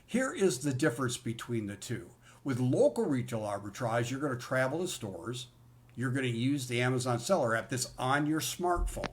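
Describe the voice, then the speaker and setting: A man's voice: medium pitch, lively intonation, moderate pace. A man giving a live, conversational business-course presentation in an upbeat, enthusiastic way. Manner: enthusiastic, conversational, repeats "in other words".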